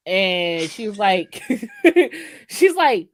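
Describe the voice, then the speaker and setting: A woman co-hosting a podcast, telling a story in casual chat, animated and profane, laughing often. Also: mid-range voice, unhurried, vocal fry, no echo, clean studio sound. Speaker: podcast co-host.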